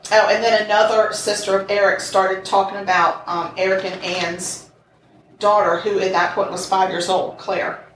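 A woman co-hosts a casual crime podcast and tells the story in a blunt, swearing way, acting out the quotes she reads. She sounds set back from the microphone in an echoey room with faint noise behind her. Her pitch sits in the middle. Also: normal speed, far from the mic. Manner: blunt, swears, animated quoting. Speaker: podcast co-host. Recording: roomy echo, a bit off mic, faint noise.

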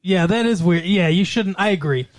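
A woman co-hosting a casual chat, playful and teasing with deadpan jokes. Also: fairly low pitch, moderate pace, dry recording, clean studio sound.

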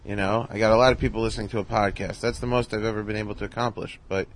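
A man telling a casual story in a relaxed, halting way, with lots of "you know". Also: lowish voice, slight background noise, low-quality recording. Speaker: podcast host and comedian.

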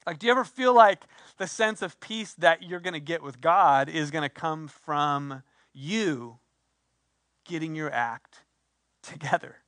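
Man, pastor, sermon, high voice, conversational, animated, dry close sound. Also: a little slow, dry recording. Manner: conversational, animated, playful asides.

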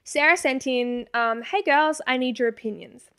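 A young Australian woman in her twenties, chatting casually as a podcast co-host. Her voice sits a little high, and she reads listener messages aloud with a giggly, easygoing manner. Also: moderate pace, pushed and bright. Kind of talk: casual chat.

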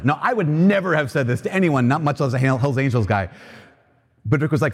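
A man's voice: on the high side, brisk, breathy edge. A man preaching a sermon, telling a story and then making an earnest appeal with emphatic repetition. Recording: long reverb of a large hall.

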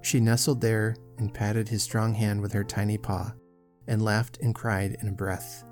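A man giving a steady, measured scripted narration of a classic novel as an audiobook reader. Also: lowish voice, music in the background.

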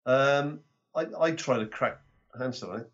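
A man's voice: medium pitch, moderate pace, fairly bright tone, dull audio. A man with a South Welsh accent, a former rugby player and guest, joking in crude, rambling banter. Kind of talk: casual chat.

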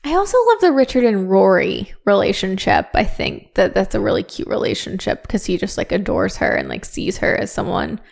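Woman co-host, casual rambling chat, light vocal fry. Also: medium pitch, big pitch swings, brisk, hardly any pauses. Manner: chatty, rambling fan talk with many fillers. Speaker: podcast co-host.

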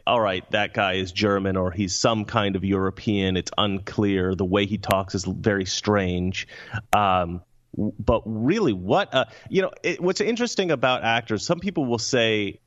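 An American man co-hosting a podcast, talking about films in a relaxed, thoughtful way with hesitant fillers. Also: mid-range voice, lo-fi sound. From United States. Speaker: podcast co-host. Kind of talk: casual film discussion.

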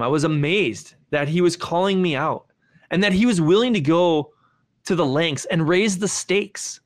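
Man, motivational storyteller, animated delivery with big pitch jumps, fairly high voice. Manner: animated, swings pitch up sharply when acting out his younger self. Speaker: speaker.

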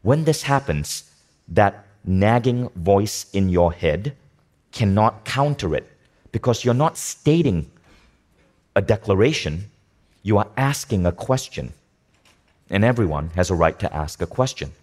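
A man giving a motivational talk to a live audience, energetic, asking the room questions and repeating key phrases. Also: fairly low pitch, unhurried, long pauses. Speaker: speaker teaching a workshop.

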